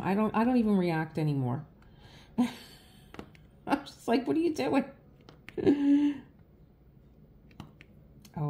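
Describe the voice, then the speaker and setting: A woman's voice: low voice, vocal fry, warm tone, slight background noise. A middle-aged woman hosting her own channel, chatting casually in a rambling, storytelling way while she works on an art project. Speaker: artist and channel host. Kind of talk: casual chat while working on a craft project.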